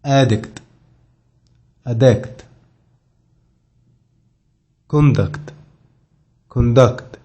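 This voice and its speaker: A man reading a list of word pairs aloud one at a time, in a slow, clipped way for a pronunciation drill. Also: medium pitch, mellow. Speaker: pronunciation model.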